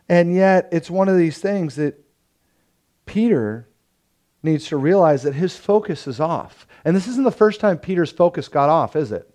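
A young man preaching a sermon as pastor, telling the story lively and acting out the quotes. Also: sits high. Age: young adult. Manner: animated storytelling, acts out quotes with laughs.

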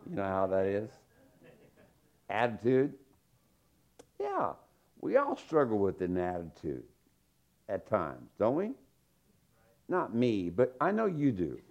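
A man's voice: lowish voice, huge pitch swings, a little slow, long pauses, a little mellow. A man preaching a sermon in a folksy, joking storytelling manner. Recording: dull lo-fi sermon recording.

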